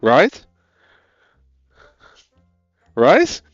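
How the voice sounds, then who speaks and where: A man's voice: a little high, wildly swooping pitch, extremely slow, dry recording, highs cut off, faint music behind. A man with a Dutch accent, a native Dutch speaker, thinking aloud as he codes and chatting with viewers on a casual live stream.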